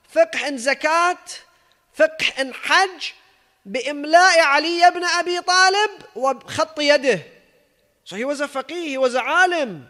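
Male preacher, strikingly high pitch, emphatic storyteller, long hall echo. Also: sharp tone. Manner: emphatic storyteller, acting out quoted speech, rich in Arabic phrases. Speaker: religious speaker. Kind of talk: storytelling sermon.

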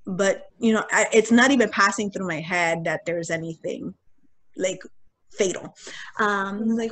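A woman's voice: medium pitch, measured pace. Young woman telling a candid personal story. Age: young adult. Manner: candid and animated, acting out quoted lines. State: getting choked up. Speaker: guest sharing a personal story. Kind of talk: casual storytelling.

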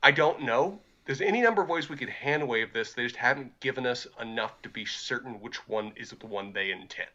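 A man co-hosting a casual podcast, talking in a thoughtful, measured and hedging way. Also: mid-range voice, bright, forceful tone, lo-fi sound. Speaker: podcast co-host. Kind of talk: casual chat.

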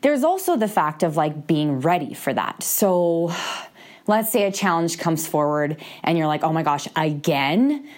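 A woman's voice: fairly low pitch, a little slow. A young woman hosting her own self-help podcast, talking earnestly and with growing passion, often acting out little inner voices. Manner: earnest, animated, gushing and encouraging. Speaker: podcast host.

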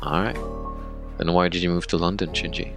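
A deep-voiced, teasing interviewer. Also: male voice, fairly even intonation, brisk, music in the background. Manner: teasing, playful. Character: teasing male interviewer, playful and needling. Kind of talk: audio drama acting.

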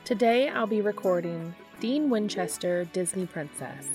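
A woman reading fan fiction aloud as an audiobook narrator, with a steady, even delivery. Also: on the low side, normal speed, few pauses, music in the background. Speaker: podfic reader.

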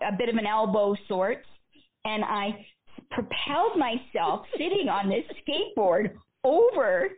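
A woman guest speaker telling personal stories in an interview, earnest and animated. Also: fairly high pitch. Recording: phone-like narrow band.

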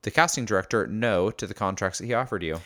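A man's voice: lowish voice, fast, bright, forceful tone. A man co-hosting a casual podcast, reading out journal entries and teasing his friend with dry jokes. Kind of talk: casual chat.

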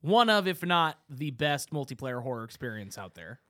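A man's voice: medium pitch, very animated, moderate pace, bright, forceful tone, no room sound, studio quality. A man co-hosting a casual podcast chat, explaining things matter-of-factly. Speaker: podcast co-host.

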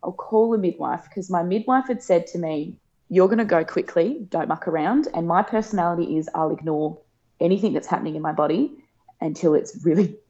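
A woman, telling a personal story in a casual chat, emotional and laughing often, acting out quoted lines in a higher voice. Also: a little fast, dark tone. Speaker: guest. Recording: dull lo-fi podcast sound.

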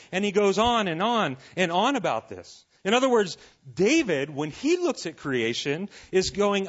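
A man preaching a sermon, reading scripture and making casual, animated asides to his listeners. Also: sits high, dull audio. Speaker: pastor.

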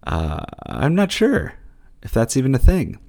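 A man hosting a podcast, chatting casually and telling rambling stories with animated quoted voices. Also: mid-range voice, unhurried, creaky. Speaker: podcast host. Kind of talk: casual solo podcast chat.

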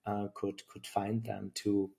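A man's voice: lowish voice, completely flat delivery, slow, gravelly, warm tone. A middle-aged man with a German accent, talking thoughtfully as an interview guest, with many fillers and restarts. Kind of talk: reflective interview talk.

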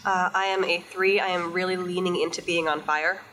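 A woman's voice: on the low side, steady tone, fairly quick, over a noisy crowd, rough recording. A woman playing a live tabletop game on stage, amused and playful. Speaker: player.

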